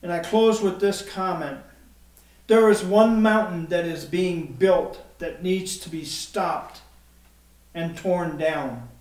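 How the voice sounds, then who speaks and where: Slow, emphatic high-voiced preacher. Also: male voice, a little mellow. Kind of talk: sermon with scripture reading. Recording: echoey room, mic at a distance.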